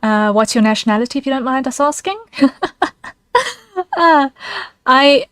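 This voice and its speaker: A woman's voice: high-pitched, measured pace, fairly bright tone, clean tone, no room sound. A woman streaming as a VTuber, chatting casually with her viewers, giggling and thanking them by name.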